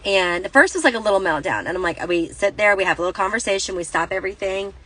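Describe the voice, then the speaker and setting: A woman's voice: mid-range voice, expressive, fast talker, sharp tone, breathy edge, low-quality recording. A woman in her thirties telling a rambling, self-correcting story in a casual vlog, recorded on a phone inside a parked car. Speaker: Christian vlogger.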